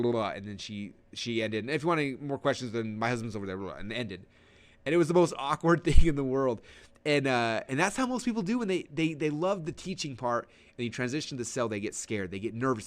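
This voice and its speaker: A man teaching a webinar on sales in an energetic, rapid-fire manner, often restarting his sentences. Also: mid-range voice. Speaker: online marketing coach.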